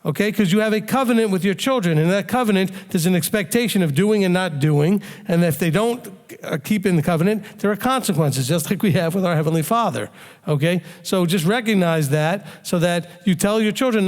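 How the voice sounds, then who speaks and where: High-voiced man teaching in a hall. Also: brisk. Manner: calm, explanatory, acts out quoted parents. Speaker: rabbi teaching a Q&A. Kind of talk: sermon-style Q&A teaching.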